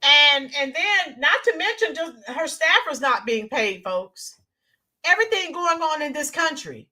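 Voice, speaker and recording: Lively high-voiced woman streamer. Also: measured pace. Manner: animated, reads viewer comments aloud, greets viewers warmly. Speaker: political livestream co-host. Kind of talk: casual political commentary livestream.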